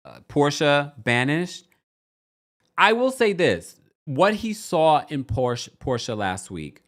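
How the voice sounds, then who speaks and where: A man hosting a podcast, recapping reality shows in a casual, gossipy chat, acting out what people said with big swings in his voice. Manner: animated, gossipy, acts out quotes with big pitch swings. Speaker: podcast host.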